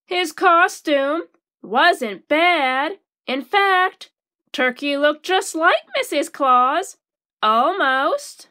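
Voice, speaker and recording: A woman reads a children's picture book aloud in a slow, deliberate way. Her voice sits high and sounds bright and clear. She stretches each phrase out so young listeners can follow. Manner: slow, expressive reading for children. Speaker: teacher reading a storybook. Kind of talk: storybook read-aloud.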